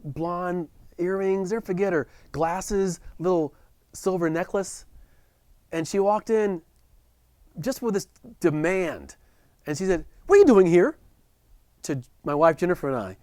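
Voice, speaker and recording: A man telling a heartfelt personal story in a virtual talk, earnest, dropping soft and quiet at the tender moments. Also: sits high, a little slow, pauses often, smooth, no echo, clean studio sound. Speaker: speaker at a business chamber event. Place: at home or office for a virtual presentation. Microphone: close video call mic.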